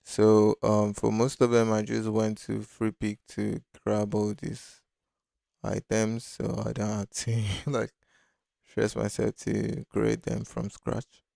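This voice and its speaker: A man's voice: lowish voice, completely flat delivery, slow pace, creaky, dark tone, dry recording, clean studio sound. A man hosting a casual live-stream design tutorial, talking loosely and thinking aloud with many fillers. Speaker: design instructor.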